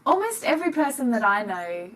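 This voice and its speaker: A woman reading a recorded English listening passage in an even, scripted way. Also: a little high, brisk, rough recording.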